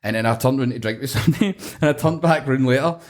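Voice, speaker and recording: A man's voice: mid-range voice, rapid-fire. A middle-aged Scottish man hosting a podcast, telling sweary, laughing stories in casual chat. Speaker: podcast host.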